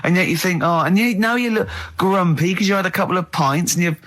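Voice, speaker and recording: A man's voice: high-pitched, fast talker, fairly bright tone. A man teasing someone in casual radio banter, with exclaimed asides.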